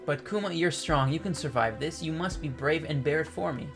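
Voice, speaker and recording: A man reading out the lines of a grieving, gentle captive father from a comic. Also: on the high side, brisk, creaky, soft background music.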